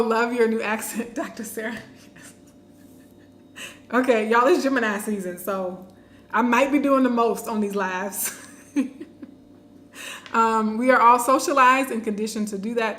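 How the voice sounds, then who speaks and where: A woman hosting a live-streamed talk, animated, laughing often and reading viewer comments aloud. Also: on the high side, echoey room, a little hiss or hum. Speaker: host.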